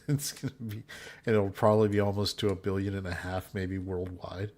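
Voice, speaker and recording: A man co-hosting a casual stream, rambling with halting restarts about movies. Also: low voice, flat delivery, a little mellow. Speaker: podcast co-host. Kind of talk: casual hangout stream chat.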